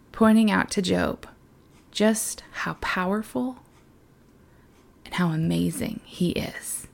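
A woman's voice: lowish voice, steady tone, a little slow, vocal fry. A young woman who works in children's ministry, giving an earnest, conversational devotional talk.

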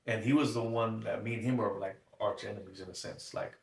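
A man's voice: on the low side, fairly even intonation, brisk, gravelly. A man giving a tearful, shaky personal testimony, acting out the dialogue in his story. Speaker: guest. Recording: echoey room, mic at a distance.

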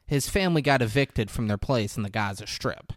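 A man voicing a blunt young woman in a movie recap, talking flatly and matter-of-factly. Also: medium pitch, fairly quick, dry recording, studio quality, natural voice.

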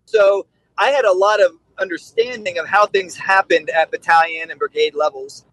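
A man's voice: high voice, normal speed, fairly bright tone, dry recording, low-quality recording. A middle-aged man, a podcast guest who trains dogs, telling stories in a candid, blunt way. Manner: candid, blunt, acts out quotes. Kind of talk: casual storytelling.

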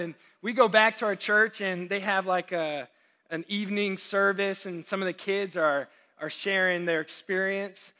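A young man from Texas delivers a sermon in a high, bright voice. He tells stories with quick, animated asides as he preaches. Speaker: pastor.

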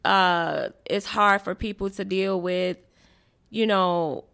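A woman in her forties, a mother, talking casually on a podcast in a halting way, with many pauses and fillers. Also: medium pitch, steady tone, gravelly, a bit bright, clear, resonant tone. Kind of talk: casual conversation.

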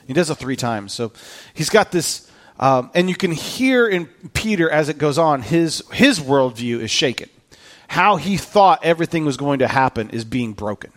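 A male pastor preaching with a fairly high voice. His delivery is earnest and conversational, with frequent restarts and repeated words as he builds his points. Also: expressive, moderate pace. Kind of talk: sermon.

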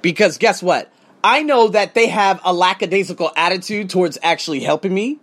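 A man who teaches English and hosts a podcast, talking straight to viewers in a heated, profane rant that swings between loud outbursts and low muttered asides. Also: brisk. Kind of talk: casual ranting monologue to viewers.

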